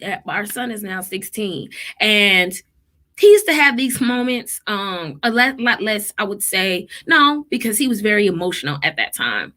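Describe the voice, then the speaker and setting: A woman in her thirties, a therapist and mother, telling parenting stories in a casual, emphatic vlog style. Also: mid-range voice. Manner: animated, emphatic, quotes people in lively voices.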